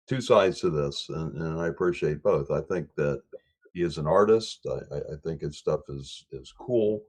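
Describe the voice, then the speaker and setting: A man's voice: extremely low pitch, darkish tone. A man talking on a livestream coin panel over a video call, often restarting and repeating words as he thinks. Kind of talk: casual livestream discussion.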